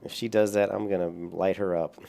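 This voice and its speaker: A man's voice: sits low, creaky, dark tone. A young adult man streaming a game, chatting casually with viewers, rambling and swearing lightly between chuckles. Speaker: gaming streamer. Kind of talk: casual gameplay chat with viewers.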